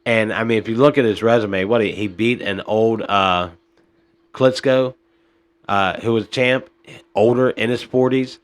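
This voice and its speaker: A man's voice: fairly low pitch, steady tone, measured pace. A man hosting a podcast, giving casual boxing commentary in a rambling, frustrated way, often tossing in "man" and "uh.". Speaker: podcast host.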